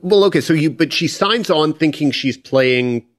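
A man's voice: a little high, expressive, normal speed. A man hosting a podcast, asking long, thoughtful questions of a guest. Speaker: podcast host. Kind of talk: interview questions.

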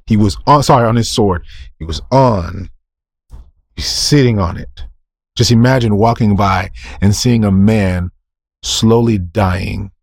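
A man's voice: fairly low pitch, a little slow, no room sound, clean studio sound. A male preacher delivering a sermon, emphatic, firing off rhetorical questions, answering them himself and repeating key phrases.

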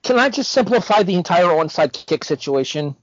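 A man hosting a casual sports podcast, chatty and quick to joke, on dull, dry lo-fi audio. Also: high voice, expressive, dry recording. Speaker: host.

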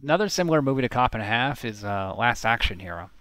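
A man's voice: medium pitch, lively intonation, quick pace, a bit bright, no room sound. A man co-hosting a casual movie podcast, opinionated and blunt, swearing freely as he picks apart scenes. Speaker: podcast co-host. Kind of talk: casual movie-commentary chat.

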